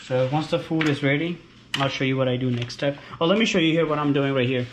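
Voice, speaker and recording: A man's voice: on the high side, fast talker. A man chatting casually at home, explaining step by step how he prepares his dog's treats. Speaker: dog owner and trainer. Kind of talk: casual home cooking vlog. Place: home kitchen. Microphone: camera held by a helper. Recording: echoey room with background noise.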